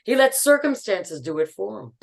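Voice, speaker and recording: Lively, expressive woman on a call. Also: medium pitch, moderate pace, gravelly. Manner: expressive, effusive, sighing. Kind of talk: casual video call chat. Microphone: video call.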